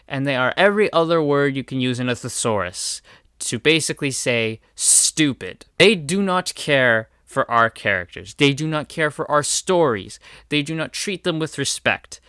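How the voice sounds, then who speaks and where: A man's voice: mid-range voice, animated, moderate pace, sharp tone, clean tone, dry recording, studio quality. A man giving a heated video rant, stressing his points by repeating words. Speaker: video commentator. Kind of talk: ranting video commentary.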